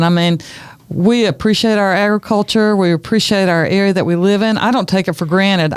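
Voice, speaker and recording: A woman's voice: medium pitch, smooth, no echo. A woman with a Southern American accent from North Carolina, a guest chatting earnestly and proudly in an interview. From North Carolina, USA. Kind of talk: casual interview chat.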